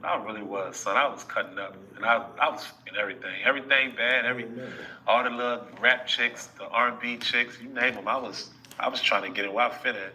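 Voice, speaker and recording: Boastful man with a very bright voice. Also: medium pitch, fairly even intonation, quick pace, a little hiss or hum, rough recording. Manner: boastful and slangy, with frequent tag questions. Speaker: rapper telling a story in an interview clip. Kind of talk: casual storytelling.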